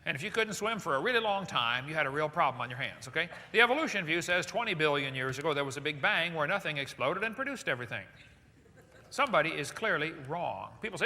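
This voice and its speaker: A man's voice: fairly high pitch, big pitch swings, fast talker, bright, forceful tone. A man giving a live seminar lecture to an audience, firing off rhetorical questions with joking asides. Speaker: seminar speaker. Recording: echoey hall with long reverb.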